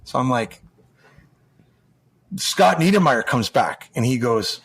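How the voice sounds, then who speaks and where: A man's voice: mid-range voice, big pitch swings, slow pace, husky. An American man, a former hockey player, telling long stories in a rambling way, with many restarts and acted-out quotes. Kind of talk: casual storytelling.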